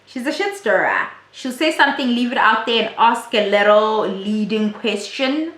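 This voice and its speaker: A woman's voice: a little high, animated, moderate pace, a bit bright. A woman giving a chatty, blunt and profane casual recap of a reality show. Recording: roomy echo.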